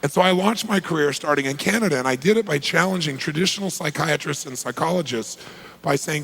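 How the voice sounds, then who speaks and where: A man's voice: on the high side, quick pace, vocal fry, fairly bright tone, breathy edge, rough recording. A man giving a motivational talk, telling a story with emphatic, punchy delivery and acting out conversations. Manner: emphatic, punchy, acts out quoted exchanges. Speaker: motivational speaker.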